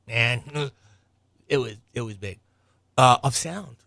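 A man's voice: medium pitch, takes it slowly, vocal fry, long pauses, pushed and bright, no room sound, clean studio sound. A man hosting a podcast, telling a rambling, profane story from a room at home and chuckling often. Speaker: podcast host.

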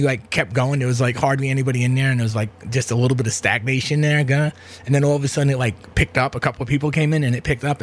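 A man hosting his own talk show from home, rambling casually through asides with lots of fillers. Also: mid-range voice. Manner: chatty, meandering, many fillers and asides. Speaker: podcast host. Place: home room with air conditioner.

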